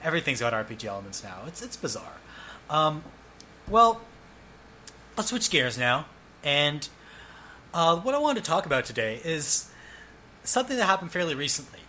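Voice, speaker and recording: A Canadian man hosts a podcast with a bright, sharp voice that swings widely in pitch. He talks in quick, animated banter, slightly higher-pitched than most men. Faint hiss sits under the recording. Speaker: podcast host. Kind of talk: casual chat.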